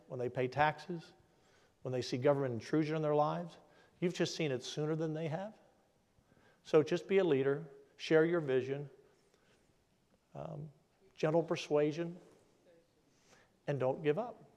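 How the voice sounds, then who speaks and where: A man's voice: fairly high pitch, darkish tone. An older man answering audience questions at a conference, telling stories in a folksy, emphatic and combative way. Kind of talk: casual conversational Q&A at a policy conference. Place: large conference hall. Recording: long hall reverb.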